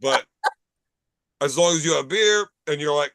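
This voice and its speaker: A man's voice: on the high side, moderate pace, fairly bright tone, clear, resonant tone, no echo. A man hosting a casual bar chat podcast, telling profane, rambling stories. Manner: profane, storytelling. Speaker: podcast host.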